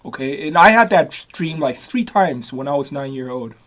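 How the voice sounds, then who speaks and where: High-voiced rambling man in his fifties. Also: expressive, normal speed, a bit bright. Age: 50s. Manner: repetitive, restarts often, casual swearing. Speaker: vlogger. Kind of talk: rambling personal story to camera.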